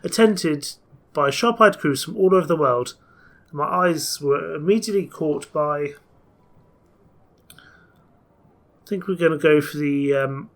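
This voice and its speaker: A man's voice: on the high side, slow, pauses often. A man playing a story game, reading its text aloud and chatting about his choices. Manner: chatty, mixes reading with plans. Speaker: game player.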